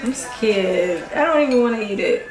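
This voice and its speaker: A woman's voice: fairly high pitch, lively intonation, moderate pace, echoey room, music in the background. Young woman screaming through a spicy challenge. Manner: screams and laughs through the heat. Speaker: vlogger. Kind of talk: casual food challenge vlog.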